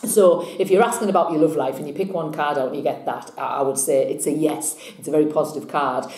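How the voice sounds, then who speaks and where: A woman's voice: low voice, fast, a little mellow, echoey room. A woman with a chatty, rambling manner, reading tarot cards and telling jokes in a casual vlog. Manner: chatty, rambling, laughing at herself. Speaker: tarot reader and vlogger.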